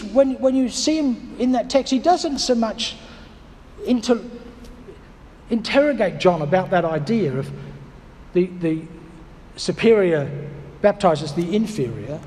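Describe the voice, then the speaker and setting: A man preaching a sermon in a lively, conversational way, with quick restarts and pauses. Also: sits high, big-room sound.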